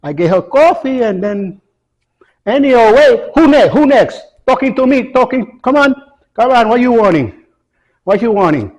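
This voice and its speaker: A man's voice: very high voice, lively intonation, moderate pace, a little mellow, pitched above the performer's own voice. A man playing an impatient old male coffee shop worker, talking in brusque, broken English. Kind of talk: comedy sketch.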